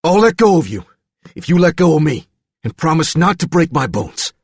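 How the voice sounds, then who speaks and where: A man voicing a gruff, stubborn male hospital attendant who talks rough and plain. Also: on the high side, big pitch swings, moderate pace, dry recording, pitched above the performer's own voice, exaggerated voice. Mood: bargaining.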